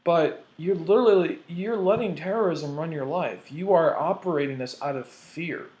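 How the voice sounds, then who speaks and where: A man's voice: on the high side, normal speed, darkish tone. A man ranting in a vlog, heated and profane, hammering his points with emphasis. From United States. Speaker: vlogger. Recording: roomy echo.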